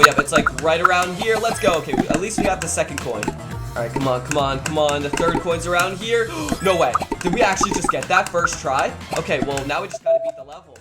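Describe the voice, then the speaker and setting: A young man giving excited commentary over his own gameplay, chatty, swinging between nervous mutters and loud cheers. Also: on the high side. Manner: chatty, says "dude" a lot, jumps between nervous and hyped. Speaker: gaming video creator. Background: loud background music.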